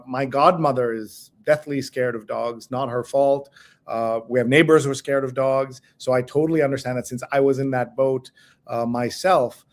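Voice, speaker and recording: A man's voice: mid-range voice, a little mellow. A middle-aged man hosting a casual news discussion, chatty and storytelling, often laughing. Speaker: host.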